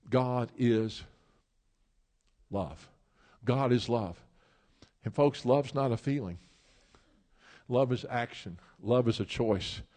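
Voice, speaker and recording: A man preaching a sermon, emphatic and repetitive, rising to loud peaks and dropping low, with some stumbles and restarts. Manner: repeats phrases, stumbles and restarts.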